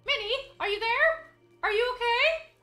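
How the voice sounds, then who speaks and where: A woman's voice: very high-pitched, a little slow, sharp tone, echoey room, faint music behind, voice pushed up, full character voice. A woman voicing a cheerful, brave male cartoon mouse hero, reading game dialogue aloud in an earnest, reassuring way.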